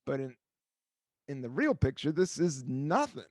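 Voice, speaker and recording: A man's voice: medium pitch, sing-song, measured pace, a little mellow, no room sound, studio quality. A man in his forties from the United States hosting a podcast, rambling through stories in casual chat, swearing freely and acting out what people said. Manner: rambling storyteller, swears freely, acts out quotes. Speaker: podcast host.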